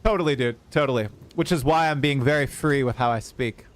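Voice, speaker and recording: A young man chatting casually on a livestream, rambling and animated as he talks to his chat. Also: mid-range voice, a little fast. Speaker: streamer.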